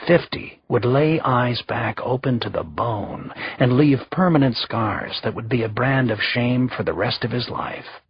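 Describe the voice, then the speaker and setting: A man reading a historical thriller audiobook in a steady, measured narration. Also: medium pitch, slightly rough, dry recording, dull audio. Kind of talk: scripted narration.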